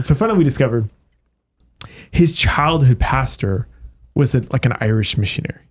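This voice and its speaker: A man's voice: medium pitch, brisk, long pauses. A man who is a priest, telling stories animatedly in a casual podcast conversation. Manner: animated storyteller. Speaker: priest guest.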